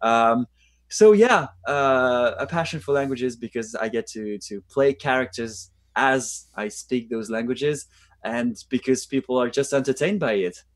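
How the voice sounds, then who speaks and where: A man speaking English with a French accent, chatting as a guest in an interview. He thinks aloud as he talks and often stops to search for words. His voice is mid-pitched, heard over a video call. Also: unhurried. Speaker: guest actor. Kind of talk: casual interview talk.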